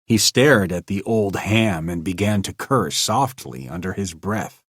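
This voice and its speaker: Deep, slow, husky male storyteller. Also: animated, fairly bright tone, no echo, clean studio sound. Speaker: narrator. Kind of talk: old-time radio story reading.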